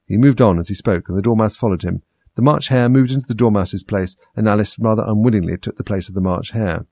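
A man reading a storybook aloud with steady, measured narration. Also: low-pitched, vocal fry, husky, no room sound.

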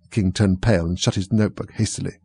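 Male storybook narrator, low and gravelly, measured read. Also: steady tone, dark tone, no echo. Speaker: audiobook reader. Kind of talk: scripted narration.

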